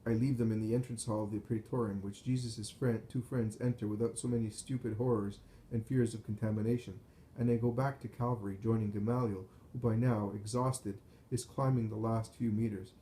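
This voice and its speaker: A man reading a first-person visionary account in a measured, solemn way. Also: lowish voice, fairly even intonation, warm tone, slight background noise, low-quality recording. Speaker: narrator. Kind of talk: scripted first-person narration of a visionary text.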